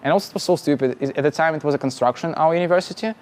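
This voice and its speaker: A young man from Russia, a startup founder telling his story casually in halting, English. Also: a little high. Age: young adult. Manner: halting, many restarts and laughs, plain non-native phrasing.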